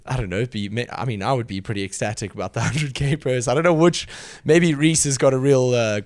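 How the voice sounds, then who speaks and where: A man's voice: medium pitch, fairly quick, no echo, clean studio sound. A man guesting on a podcast, chatting casually with frequent laughs and lots of "like". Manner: chatty, laughs a lot, says "like" often. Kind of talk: casual chat.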